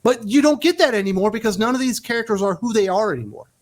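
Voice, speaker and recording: A man hosting a casual opinion chat, talking in an emphatic, animated way. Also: sits high, fast talker. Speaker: podcast host.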